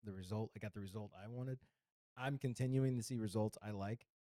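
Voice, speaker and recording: A man's voice: lowish voice, a little fast, mellow, dry recording, studio quality. A man co-hosting a podcast in a casual chat, blunt and profane. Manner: blunt and profane, talks over the other host. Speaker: podcast co-host.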